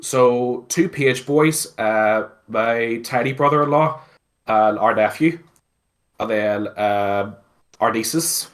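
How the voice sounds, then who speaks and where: A man with a Belfast accent, telling a story casually as an interview guest, animated and swearing freely between lots of fillers. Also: mid-range voice, slow. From Northern Ireland.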